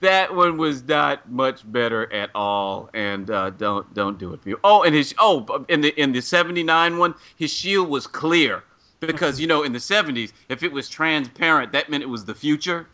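A man in casual podcast chat, excitably retelling movie scenes and laughing often. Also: fairly high pitch, normal speed. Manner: excitable, laughing, acts out scenes with put-on voices. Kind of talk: casual chat, animated storytelling.

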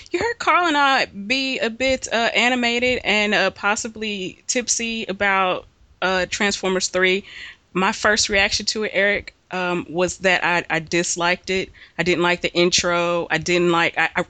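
Podcast host, man with a dry bright voice. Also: high-pitched, smooth, no echo. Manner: relaxed, reacting briefly, steering to the next topic. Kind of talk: casual chat.

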